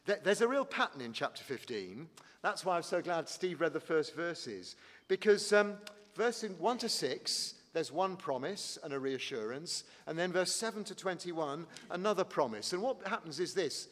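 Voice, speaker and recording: A man preaching a sermon in a church, animated and conversational, calling his listeners friends. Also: on the high side, normal speed, big-room sound.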